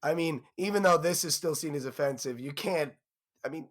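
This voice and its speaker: A man's voice: fairly high pitch, brisk. A young man co-hosting a podcast in crude, joking casual chat, laughing often. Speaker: podcast co-host.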